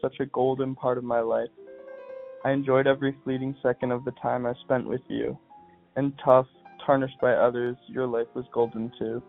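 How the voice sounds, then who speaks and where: A man's voice: mid-range voice, level tone, normal speed, vocal fry, soft background music. Young man on a tinny phone line. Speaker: podcast guest. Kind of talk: reading aloud and casual phone chat.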